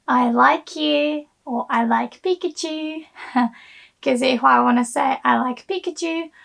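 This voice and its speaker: Slow, gravelly-voiced woman teaching. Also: sits high, fairly bright tone. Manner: slow, careful repetition of example phrases. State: hoarse from illness. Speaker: Japanese language teacher. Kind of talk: language lesson explanation.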